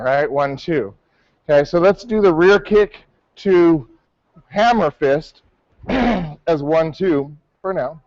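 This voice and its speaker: A man teaching a martial arts class, calling out counts and correcting his students as he goes. His voice sits high, and the recording is dry and a little muffled. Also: a little mellow, dry recording. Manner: barks counts, coaching and correcting.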